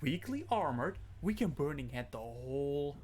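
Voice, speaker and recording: A man streaming a strategy game, thinking aloud in casual, excitable commentary and swearing freely. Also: fairly high pitch, moderate pace, a crowd in the background. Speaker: gaming streamer. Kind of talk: casual let's-play commentary.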